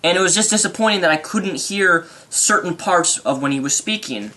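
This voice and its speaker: A young man rambling excitedly through an unscripted movie review vlog. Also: high-pitched, normal speed, few pauses.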